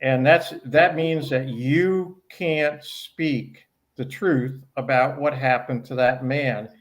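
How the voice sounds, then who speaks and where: A man speaking as a guest professor in an interview, explaining his points in a measured, academic way. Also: mid-range voice, steady tone. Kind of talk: conversational interview.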